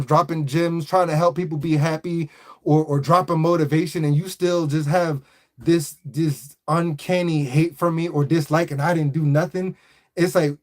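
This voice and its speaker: A man hosting a livestream, chatting casually in a rambling, slangy, animated way and greeting viewers. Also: on the high side. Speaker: livestream host. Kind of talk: casual live chat.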